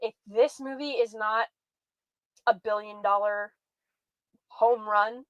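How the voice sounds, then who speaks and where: A woman with a high voice delivers sarcastic, exasperated commentary as a show host. The recording is dry and close, with no room sound. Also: fairly even intonation, slow pace, smooth, no room sound, muffled recording. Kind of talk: reactive commentary.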